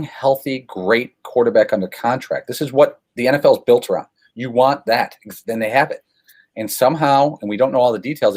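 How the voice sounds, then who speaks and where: A man guest telling sports stories in a casual, animated, self-deprecating way. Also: mid-range voice. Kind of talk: casual storytelling.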